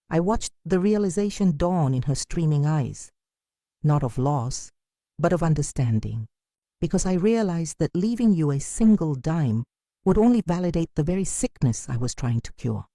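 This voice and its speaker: Woman telling a dramatic story, mellow voice. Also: low-pitched, expressive, dry recording. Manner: measured, emotional storytelling delivery. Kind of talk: first-person dramatic story narration.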